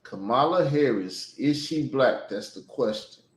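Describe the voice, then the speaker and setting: A man hosting a casual discussion, setting up topics with short, unhurried prompts. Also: mid-range voice, expressive. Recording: echoey room.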